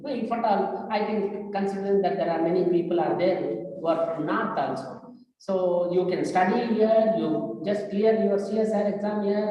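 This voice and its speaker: Indian-accented woman, low mellow voice, frank seminar speaker, echoey hall mic far off. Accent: Indian English. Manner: frank, advisory, many filler pauses. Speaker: guest speaker at career seminar. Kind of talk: lecture to students.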